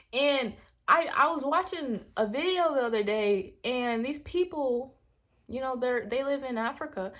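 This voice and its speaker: A woman vlogger casually telling a rambling personal story, acting out her own reactions in hushed asides. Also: on the high side. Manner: animated, rambling, quotes herself in hushed asides.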